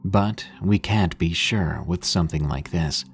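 A man narrating scary stories in a steady, measured way as the show's host. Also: low-pitched, soft background music. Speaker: horror story narrator. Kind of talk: scripted narration of horror stories.

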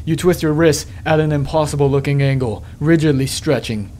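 A man hosting a let's play, reading game text aloud in a measured, dramatic way and adding his own commentary. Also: fairly even intonation, darkish tone, a little hiss or hum. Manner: measured dramatic reading, dropping low and slow on ominous lines.

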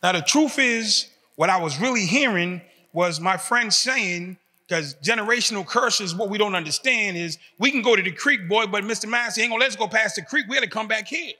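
A man's voice: high-pitched, brisk, hardly any pauses, bright, forceful tone. A man, giving an emphatic motivational talk built on repeated short phrases. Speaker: speaker giving a talk to prisoners. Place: large hall in a prison. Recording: long reverb of a large hall.

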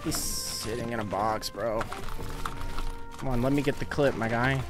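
A man's voice: mid-range voice, unhurried, over music. A young man casually chatting on a live game stream, laughing often and reading out viewer donations. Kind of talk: casual live-stream chat while gaming.

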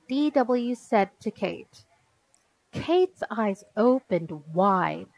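A woman narrating a children's picture book aloud in a measured, expressive way. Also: mid-range voice, creaky, dry recording, low-quality recording.

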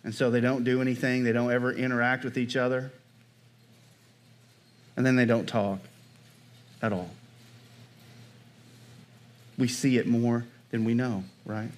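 A pastor preaching a sermon in a conversational way, often checking in with the congregation by asking "Amen?" and "right?". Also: male voice, medium pitch, level tone, a little slow, long pauses.

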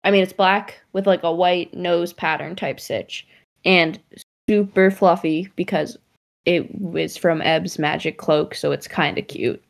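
A woman's voice: lowish voice, steady tone, a little slow, vocal fry. Giggly woman playing a tabletop game. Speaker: player. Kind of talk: casual tabletop game chat.

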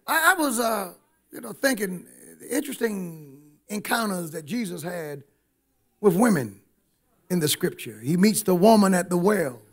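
High-voiced male preacher. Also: lively intonation, moderate pace. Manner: emphatic, engages the congregation. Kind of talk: sermon.

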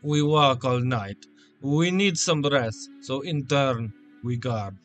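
A man voicing a stern male army soldier in a mock Russian accent, speaking slow, clipped broken English. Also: medium pitch, soft background music, natural voice.

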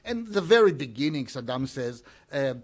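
A man giving an academic conference talk, halting often with hesitations and restarts. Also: mid-range voice, very animated. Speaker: conference speaker.

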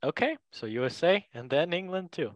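A young man hosting a casual football podcast, playful and quick to laugh, with goofy asides. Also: fairly high pitch, lively intonation, no echo. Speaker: podcast host.

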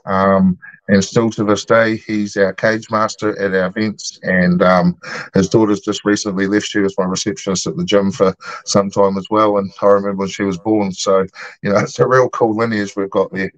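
A man's voice: lowish voice, little pitch movement, normal speed, no room sound. A man, a guest telling his story in a casual interview, easygoing and rambling with many ums and uhs. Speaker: guest, martial arts gym founder. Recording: dull lo-fi dry sound.

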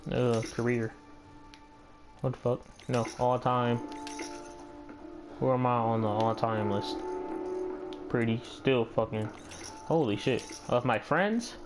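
With a mid-range voice, a slow pace, and many pauses, a channel host curses and mumbles to himself while gaming, knocking his own play. Music runs in the background.

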